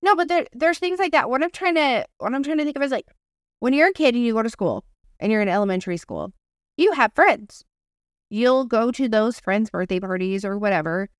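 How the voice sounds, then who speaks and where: A woman's voice: a little high, expressive, brisk, no room sound, studio quality. A woman co-hosting a podcast in casual chat, rambling and searching for words, with some casual swearing. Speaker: podcast co-host.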